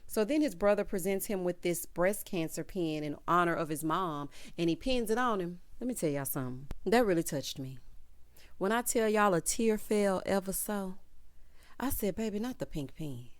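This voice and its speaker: A woman's voice: fairly low pitch, lively intonation, normal speed. A woman hosting a casual, sassy recap of a reality show, calling her viewers child and honey.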